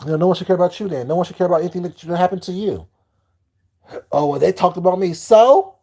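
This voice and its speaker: A man's voice: high voice, very fast, mellow. Blunt, profane man ranting on stream. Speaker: live streamer. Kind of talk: live-stream rant to chat.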